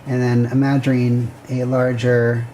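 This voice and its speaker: A woman's voice: a bass voice, level tone, a little slow, mellow, a little hiss or hum. A woman hosting a livestream, casually thinking aloud and chatting with viewers while she sketches a building plan. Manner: rambling, self-correcting, chatty with viewers. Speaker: livestream host.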